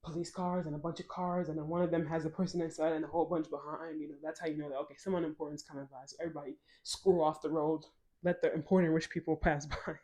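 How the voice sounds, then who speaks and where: A woman from Ghana tells a personal story straight to camera in a casual vlog. She speaks in an animated, emphatic way and wanders off on side tangents before coming back to her story. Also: sits low, quick pace. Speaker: vlogger.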